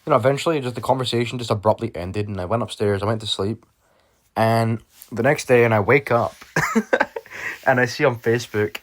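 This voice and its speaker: A man's voice: mid-range voice, fairly quick. A young man from Britain casually telling a personal story to his viewers, rambling with lots of swearing and fillers. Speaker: vlogger.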